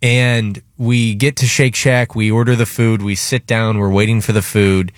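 A man's voice: lowish voice, flat delivery, moderate pace, no echo. A man hosting a radio show, telling a rambling, casual story with lots of fillers in a studio. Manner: chatty, rambling anecdotes with many fillers.

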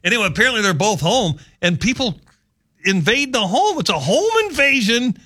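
A man hosts a talk show on the radio, chatting and joking his way through odd news stories with wandering asides. His high-pitched voice swings widely in pitch at a moderate pace, sounding bright and forceful with a breathy edge.

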